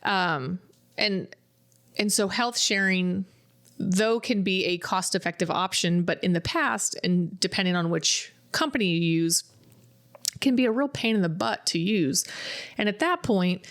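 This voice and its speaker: A woman's voice: mid-range voice, a little slow, a bit bright. Chatty woman co-host telling stories, voices her clients' lines as she goes. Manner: chatty storyteller, acts out clients' quotes. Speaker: podcast co-host. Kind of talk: casual chat.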